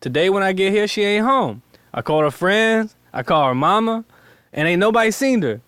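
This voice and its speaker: A man's voice: high voice, animated, normal speed, fairly bright tone, clear, resonant tone, no echo, voice pushed up. A man voicing Boudreaux, a Cajun husband in a told joke, with a put-on Cajun accent and a hammy, raised delivery. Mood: mock lament.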